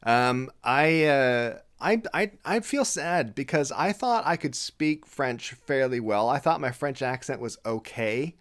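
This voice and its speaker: A man's voice: medium pitch, lively intonation, a little slow, few pauses, fairly bright tone. Jokey man hosting a live chat. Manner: jokey, playful, reads viewer comments aloud. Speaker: show host. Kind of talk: casual live-stream chat.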